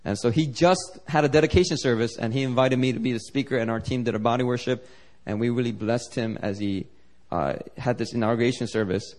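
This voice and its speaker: A man's voice: mid-range voice, fairly quick, darkish tone. A man preaching as a pastor at a church service, telling a story loosely, with lots of "like" and "you know". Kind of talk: sermon storytelling.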